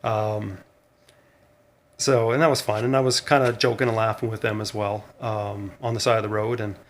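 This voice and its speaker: A man's voice: fairly low pitch, little pitch movement, moderate pace, a little hiss or hum. A man chatting casually in a vlog diary, rambling with fillers and chuckles, tired after a long day of running. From Canada. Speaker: vlogger on a cross-country run.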